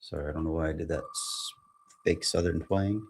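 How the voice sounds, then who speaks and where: A man hosting a solo podcast, reading posts aloud and thinking out loud in a halting, rambling way with plenty of fillers. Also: extremely low pitch, fairly even intonation, a little hiss or hum. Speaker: podcast host.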